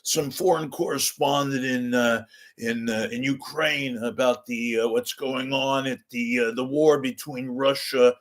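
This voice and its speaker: A man hosts an unscripted livestream at a mid-range pitch, wandering from thought to thought. He jokes freely and fills the gaps with plenty of ums and uhs. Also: fairly even intonation, unhurried. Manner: rambling and jokey, lots of fillers. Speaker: host. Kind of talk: casual ad-libbed livestream chat.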